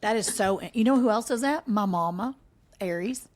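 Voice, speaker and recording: This is a woman with a Southern US accent co-hosting a relaxed podcast. She talks in a casual, animated way. She slips into playful voices when she quotes people. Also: mid-range voice, normal speed. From American South. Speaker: podcast co-host. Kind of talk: casual chat.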